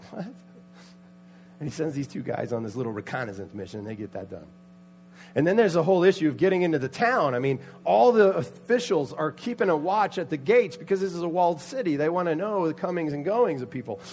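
A man preaching a sermon, telling a Bible story with lively acted-out voices and sudden loud outbursts. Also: on the high side, quick pace. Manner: animated, acts out the characters' voices with loud outbursts. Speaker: pastor.

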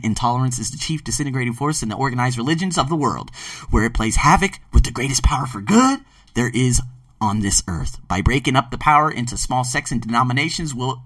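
A man hosting a podcast and reviewing a book, talking emphatically and swinging between loud outbursts and low murmurs. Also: no room sound, far from the mic. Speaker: podcast host. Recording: dry, set back from the mic.

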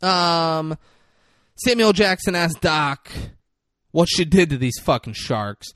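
A young man in loose podcast chat, animated and swearing freely as he retells a film. His voice sits high and swings widely, close and dry on the mic. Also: no room sound. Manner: animated, profane, does quick character voices. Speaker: podcast co-host. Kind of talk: casual movie recap chat.

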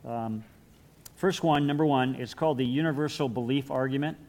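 A man's voice: mid-range voice, moderate pace, a little mellow. A man teaching a Bible class in a conversational lecture, with repeated words and light chuckles.

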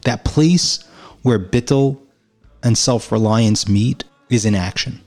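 A man's voice: medium pitch, slow pace, darkish tone, faint music behind. A man giving a reflective spiritual teaching, telling a parable and repeating phrases for emphasis.

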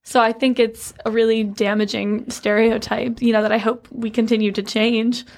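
A woman's voice: on the high side, flat delivery, moderate pace, darkish tone. A young woman on a podcast panel, speaking thoughtfully with many fillers. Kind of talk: casual panel chat.

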